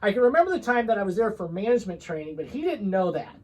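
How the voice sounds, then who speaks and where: A man's voice: high voice, sing-song, fast, a little mellow, poor audio. A man co-hosting a casual vlog chat, telling work stories with lots of ums and restarts. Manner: rambling, many fillers and restarts. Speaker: co-host.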